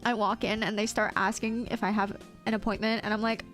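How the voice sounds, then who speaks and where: A woman's voice: medium pitch, level tone, a little fast, a bit bright, soft background music. A woman streamer chatting casually, telling a story with lots of fillers and stammers.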